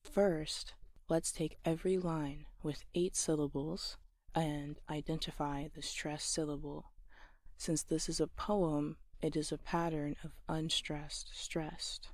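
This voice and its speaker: A speaker gently explaining poetic form and reading poems aloud, often dropping into a soft whisper in a quiet small room. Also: mid-range voice, little pitch movement, slow pace. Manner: gentle, patient explaining with light laughs. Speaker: poetry channel host. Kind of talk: soft-spoken poetry lesson and reading.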